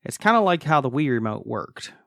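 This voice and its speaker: A man's voice: medium pitch, very animated, brisk, vocal fry, fairly bright tone, no echo, clean studio sound. A man presenting a podcast segment, casually explaining how tech systems work. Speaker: segment contributor.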